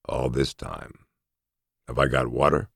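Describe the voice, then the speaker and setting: A quiet, weary man in an armored suit, speaking low and wry in a read-aloud story, as the deep-voiced reader does him. His voice is gravelly and low, recorded dry and close. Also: steady tone, a little slow, dry recording, exaggerated voice. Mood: subdued.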